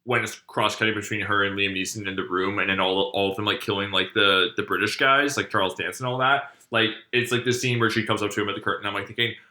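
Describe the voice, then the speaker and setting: Low-voiced man in a roomy echo. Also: fairly even intonation, fast, few pauses, bright, forceful tone. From United States. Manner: thoughtful, hedging with "like". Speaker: podcast co-host. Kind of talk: casual film podcast chat.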